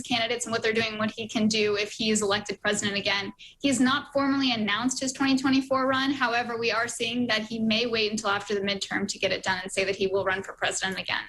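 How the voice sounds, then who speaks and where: A woman speaking as a political commentator guest, quick, confident and fluent. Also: fairly high pitch, level tone, a bit bright, slight background noise, poor audio. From United States. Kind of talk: remote TV interview.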